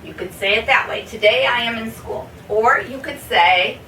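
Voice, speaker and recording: A woman teaching a basic English lesson, spelling out example sentences slowly word by word and checking in with "okay?". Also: a little high, bright, forceful tone. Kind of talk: slow classroom explanation. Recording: roomy echo, from a distance, faint hiss.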